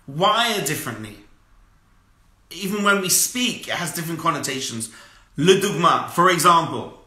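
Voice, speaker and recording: A man giving a lively lecture as a rabbi, asking the audience questions over and over and telling stories with energy. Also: fairly high pitch, moderate pace, reverberant. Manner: asks repeated rhetorical questions, animated storytelling.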